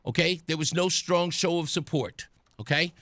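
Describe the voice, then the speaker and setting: A talk radio host with a fairly high-pitched voice speaks at normal speed, and the recording has no echo. He's animated and mocking in his opinionated monologue, acting out the voices of others.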